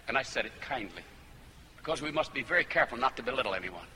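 A man's voice: mid-range voice, lively intonation, quick pace, bright, forceful tone. A man preaching a fervent sermon that builds to emphatic peaks. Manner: fervent, rising to emphatic climaxes. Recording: hall reverb with faint noise.

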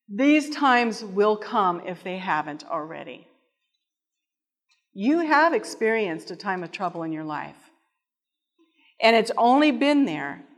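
A woman shares an emotional personal testimony in a sermon, pausing to read passages aloud. She speaks slowly and earnestly, and her voice rings with the long reverb of a large hall. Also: mid-range voice. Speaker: speaker giving a testimony talk.

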